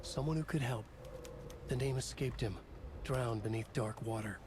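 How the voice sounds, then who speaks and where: A man's voice: medium pitch, normal speed, lightly acted. A man voicing a brooding game narrator. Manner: terse, brooding delivery. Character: grim male storyteller narrating a troubled old man. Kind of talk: scripted narration. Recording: game audio with clear background noise.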